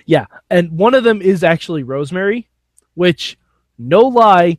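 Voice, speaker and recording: Male podcast co-host, a bit higher pitched, lively wrestling recap, dry booth sound. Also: unhurried, dry recording. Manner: animated, laughing, jokey storytelling. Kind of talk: casual chat.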